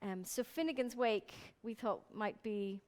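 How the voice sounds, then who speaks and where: A woman chatting hesitantly on stage at a library event, introducing readings with many pauses. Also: mid-range voice, big-room sound. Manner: hesitant, many ums, soft and trailing. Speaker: performer and reader at a library event. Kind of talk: casual stage chat. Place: public library event room. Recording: live event with music behind.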